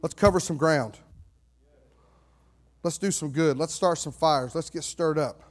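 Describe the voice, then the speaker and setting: Fired-up pastor preaching. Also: male voice, on the high side, measured pace, pauses often. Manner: fervent preaching, swinging between fired-up shouts and hushed asides. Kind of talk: sermon. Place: church sanctuary.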